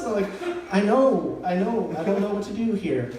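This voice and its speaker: A young man performing a stand-up comedy set, telling stories with animated delivery and acting out other people's lines in changing voices. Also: high voice, normal speed, few pauses, faint music behind. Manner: animated storytelling, acting out quotes in shifting voices. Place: comedy venue with live audience. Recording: very echoey room, voice far from mic.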